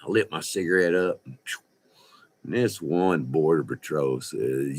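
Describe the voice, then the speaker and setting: Older man in his sixties, low-voiced, unhurried, folksy profane storyteller. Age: 60s. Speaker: vlogger. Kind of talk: rambling storytelling. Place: indoors by a window.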